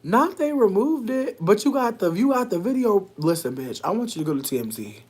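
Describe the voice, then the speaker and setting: Casting note: woman streamer talking casually to her chat, lively swooping pitch, breaks into loud laughing shouts. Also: brisk. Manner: animated, loud laughing outbursts, slangy and profane. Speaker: livestream host reacting to chat.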